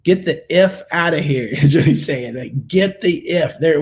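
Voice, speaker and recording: A man's voice: fairly high pitch, normal speed, few pauses, a little mellow. A man hosting a casual morning show, chatting about the weekend and then reading and paraphrasing a Bible story in everyday words, with frequent restarts. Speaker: host of a morning video devotional.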